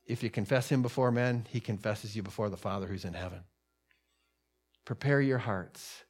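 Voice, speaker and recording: A male pastor preaching a sermon, his voice swelling with emphasis and then dropping low for solemn points. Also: moderate pace, husky.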